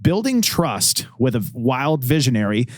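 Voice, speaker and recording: A man hosting a podcast interview, asking questions in a playful, joking way with pitch that jumps around. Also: sing-song, moderate pace, no echo, clean studio sound. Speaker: podcast host.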